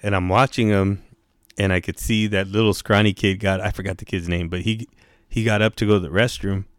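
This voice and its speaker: A man with a lowish voice spins a profane, slangy story, pushing his pitch up whenever he quotes someone. The sound is close and dry with no room around it. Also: steady tone, a little fast, no echo. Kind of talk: casual storytelling.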